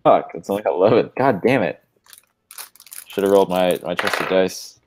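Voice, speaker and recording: A man playing a tabletop game who swears freely and reacts in a lively way to his dice rolls. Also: sits low, moderate pace, noisy background. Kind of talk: casual chat at a tabletop game.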